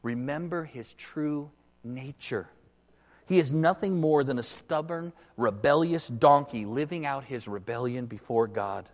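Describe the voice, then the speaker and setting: A man preaching a sermon in an earnest, emphatic way, slowing down to press key points. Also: medium pitch, darkish tone. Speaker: pastor. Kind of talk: sermon with storybook reading. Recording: echoey hall with long reverb.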